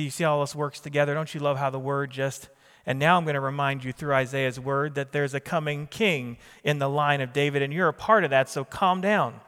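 A man preaching with emphatic repetition and questions thrown to his congregation. His voice sits fairly high for a man. Long reverb trails each phrase, as in a big church sanctuary. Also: a bit bright. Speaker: pastor. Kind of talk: sermon.

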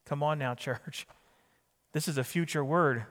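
A man's voice: on the high side, measured pace, fairly bright tone, in a large hall. A man preaching a sermon as pastor, emphatic, repeating key phrases and putting questions to the congregation.

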